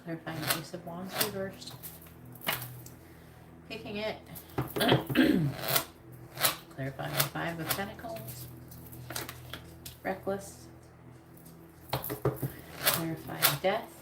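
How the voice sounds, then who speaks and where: A woman's voice: on the low side, slow, creaky, long pauses. Blunt, casual woman reading tarot. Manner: casual, blunt, swears freely. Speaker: tarot reader. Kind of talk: live tarot reading stream. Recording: echoey room with noise.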